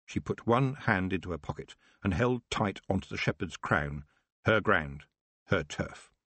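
A man narrating an audiobook with expressive storytelling. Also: sits low, a little slow, no echo. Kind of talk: scripted narration.

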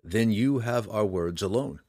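Male narrator voicing a brooding elf ranger: hushed, grave, deliberate, storybook. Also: no room sound, studio quality. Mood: solemn. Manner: low, quiet and solemn, slow measured speech. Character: grave dark elf ranger, weary and noble. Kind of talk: audiobook character voice.

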